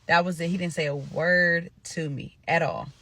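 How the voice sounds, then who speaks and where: A woman from Nebraska talks straight to her viewers in a casual storytime. Her voice has a bright, forward tone. She tells it with animated, profane energy and keeps calling her audience "y'all.". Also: lowish voice, moderate pace. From Omaha, Nebraska.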